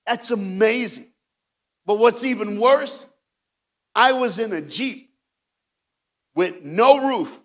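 A man from Knoxville, preaching a storytelling sermon as a guest speaker, swinging from hushed lines to near shouts. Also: fairly high pitch. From Knoxville, Tennessee.

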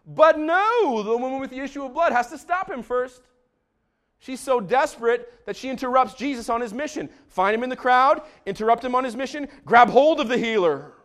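A man preaching a sermon as pastor in a church, swinging from hushed tones to shouting. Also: extremely high pitch, animated, normal speed. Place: church sanctuary.

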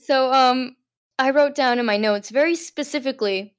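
A woman's voice: sits high, moderate pace, smooth. Blunt swearing woman co-host. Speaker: podcast co-host. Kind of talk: casual movie-review chat.

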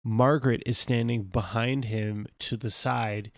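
A man's voice: mid-range voice, steady tone, measured pace, gravelly, dry recording, studio quality. A man co-hosting a podcast, making thoughtful, detailed points in casual chat. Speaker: podcast co-host.

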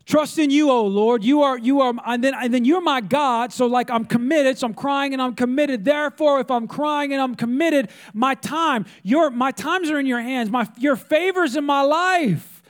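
High-voiced preaching man. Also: moderate pace, few pauses. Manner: emphatic preaching with repetitions and call-outs. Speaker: pastor. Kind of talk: sermon.

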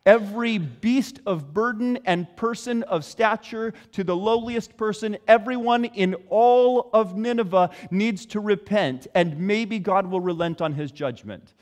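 A man's voice: high-pitched, expressive, moderate pace, hardly any pauses, big-room sound. A man voicing an alarmed male king who urgently proclaims a decree.

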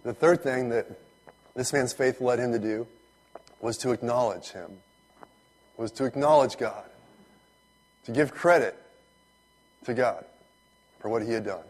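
A man, a pastor, giving a relaxed, conversational sermon that turns animated when he retells stories. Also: medium pitch, unhurried, pauses often.

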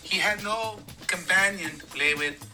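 A man's voice: high-pitched, heavily acted. A man playing a solemn male priest delivering a rambling mock sermon, recorded from a distance with faint music behind. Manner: slow, rambling, grows tearful and shouting.

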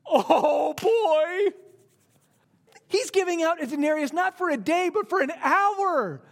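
A man voicing a group of male day laborers who shout their demands loudly. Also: extremely high pitch, animated, takes it slowly, pitched above the performer's own voice, exaggerated voice. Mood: gleeful. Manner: loud exclamations. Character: boisterous group of male day laborers, greedy then indignant.

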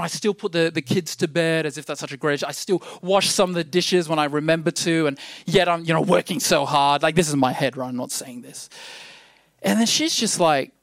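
High-voiced man preaching a rambling sermon. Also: fairly bright tone, no room sound, studio quality. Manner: rambling, self-deprecating, with many restarts; grows emphatic toward the end.

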